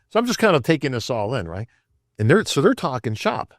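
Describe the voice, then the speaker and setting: In a clean studio take with no echo, an older man from upstate New York spins casual stories at a fast clip in a mid-range voice. As a podcast guest, he's lively, acts out what people said, and often says "bro" and asks "right?"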